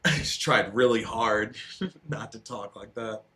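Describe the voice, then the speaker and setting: A young man co-hosting a live stream talks in a fairly low, sharp-toned voice, a little slowly. He chats loosely, swears, and laughs a lot while telling stories in casual stream banter.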